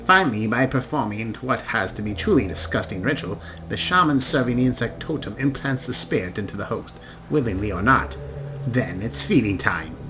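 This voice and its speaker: A man's voice: mid-range voice, expressive, moderate pace, music in the background, close to an everyday voice. A man voicing a flamboyant, sardonic elf man who lectures in a wry way. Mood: lecturing.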